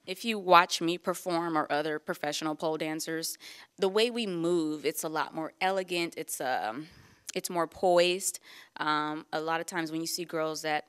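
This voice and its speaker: Low-voiced woman, lively and candid. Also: moderate pace, smooth. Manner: lively, laughs often, candid. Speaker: professional pole dancer, interview guest. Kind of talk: casual interview chat.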